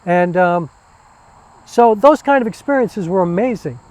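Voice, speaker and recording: A man's voice: high-pitched, animated, a little slow, poor audio. A man, a theater performer and former musician, talking casually and enthusiastically with many fillers. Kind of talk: casual interview talk.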